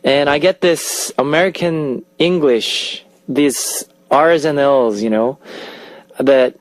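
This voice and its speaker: Upbeat high-voiced Australian-born radio DJ. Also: male voice, slow, no echo. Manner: upbeat, chatty, with playful outbursts. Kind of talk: radio show reading listener messages. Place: radio studio. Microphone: studio microphone.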